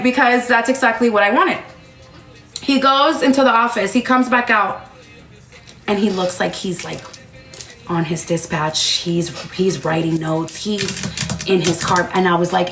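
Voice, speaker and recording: A woman in her thirties retelling a tense story to her live audience, quoting others in a fast, heated way. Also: a little high, a bit bright. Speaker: live streamer. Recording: echoey room with faint music.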